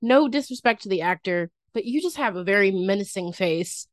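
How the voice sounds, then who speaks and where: A young woman hosts a podcast in loose, rambling chat, full of fillers and quick giggles. Her voice sits in a middle register and is recorded close and dry, with no room sound. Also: mid-range voice, lively intonation, no room sound. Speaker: podcast host. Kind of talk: casual chat.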